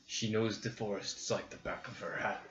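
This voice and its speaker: A gruff orc warrior with a deep, measured voice that speaks in stiff, formal sentences, as a man puts him on. The tone is bright and edgy. It sounds dull and roomy, like a home recording. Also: level tone, slight background noise, close to an everyday voice. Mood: matter-of-fact. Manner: deep, slow and formal, speaks without contractions.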